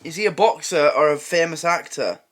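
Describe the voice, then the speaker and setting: An English man hosting a reaction video, talking casually and excitably as he thinks out loud. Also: a little high. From England. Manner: excitable, thinks aloud, quick laughs.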